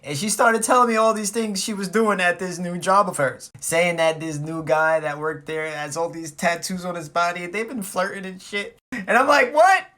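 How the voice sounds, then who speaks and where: Guy doing a storytime vlog, animated, cussing, comic. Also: sits high, normal speed. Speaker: vlogger.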